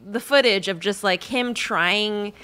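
A woman co-hosting a casual chat, excitable with laughing asides, a former TV producer. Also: mid-range voice, measured pace. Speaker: co-host, former reality TV producer.

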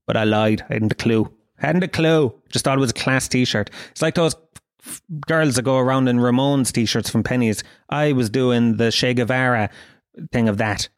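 A man's voice: medium pitch, dry recording. A young Irish man hosting his own podcast, telling rambling, profane, jokey stories into a close mic. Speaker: podcast host. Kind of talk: comic monologue.

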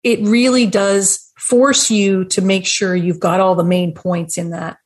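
A woman talks through business planning in a friendly, explanatory way, like a teacher speaking to students. Her pitch sits in an ordinary middle range. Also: fairly even intonation, unhurried. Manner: explanatory, friendly, laughs now and then. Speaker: restaurant business consultant and educator. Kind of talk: webinar conversation.

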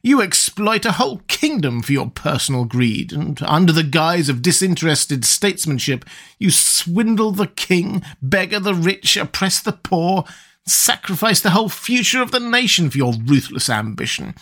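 A quick-tongued, scheming nobleman, as a male reader puts him on. He hurls his accusations in a raised, lifted pitch that sits well above the narrator's own voice. It is a plain storybook rendering of a character. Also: very animated, fairly bright tone, exaggerated voice. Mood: scornful. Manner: heated, accusing, higher than the narration. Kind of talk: audiobook character reading.

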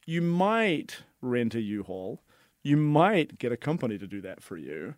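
A man from New Zealand with a New Zealand accent, co-hosting a casual podcast chat, animated and laughing often. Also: mid-range voice, a little slow, no room sound, clean studio sound. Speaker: podcast co-host. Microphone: headphones on, studio mic.

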